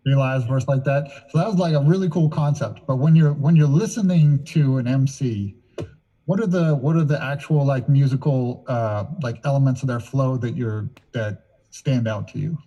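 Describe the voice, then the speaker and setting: A man's voice: medium pitch, normal speed, warm tone, lo-fi sound. A man in a band, casually asking a bandmate rambling questions on a livestream, full of fillers. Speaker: band member hosting the hangout.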